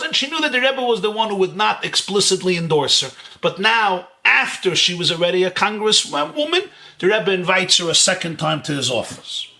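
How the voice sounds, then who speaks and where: A man from Brooklyn, a rabbi telling a story in an animated lecture over a video call, full of rhetorical questions. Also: sits high. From Brooklyn, New York. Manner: animated, rhetorical questions, chuckles at own jokes.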